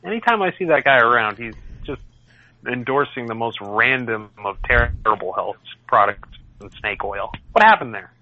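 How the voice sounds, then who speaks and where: A man's voice: medium pitch, expressive, normal speed, phone-quality sound. A man hosting a casual podcast, rambling and joking at his own expense. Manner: rambling, self-deprecating, jokey. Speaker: podcast host.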